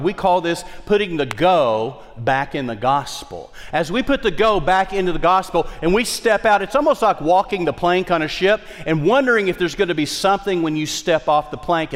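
A male pastor preaching a sermon with emphatic delivery and wide swings in pitch and loudness. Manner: emphatic preaching, repeats key phrases, dynamic swings in pitch and volume. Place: large church worship center. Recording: long hall reverb.

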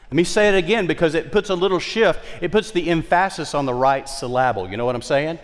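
A male pastor preaching a sermon with emphatic delivery and wide swings in pitch and loudness. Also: expressive, a little fast. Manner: emphatic preaching, repeats key phrases, dynamic swings in pitch and volume. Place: large church worship center. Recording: long hall reverb.

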